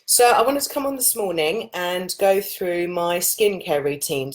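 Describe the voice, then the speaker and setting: In her late thirties, this yoga and oils teacher chats informally to camera. Her husky, lowish voice carries loose, run-on explanations.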